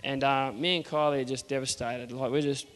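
A man's voice: medium pitch, fairly even intonation, a little fast, a bit bright, long reverb tail. A man with an Australian accent earnestly telling a personal faith story, acting out the dialogue. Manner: earnest, plain-spoken, acts out the dialogue.

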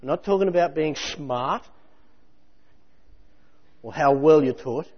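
A man preaching a sermon in a lively, conversational way with jokey asides. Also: on the high side, slow. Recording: muffled hall recording with long reverb.

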